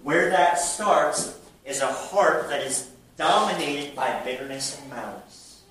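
A man preaching a sermon to a church audience, shifting between a hushed voice and loud bursts. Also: on the high side, takes it slowly, slight background noise. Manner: animated preaching, drops to a hush then bursts loud. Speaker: pastor. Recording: very echoey hall, mic at a distance.

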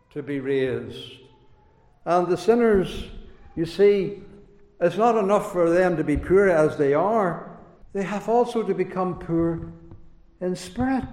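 High-voiced, slow preacher in an echoey hall. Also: male voice, a little mellow. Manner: earnest, repetitive preaching cadence. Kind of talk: sermon. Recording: echoey hall with long reverb.

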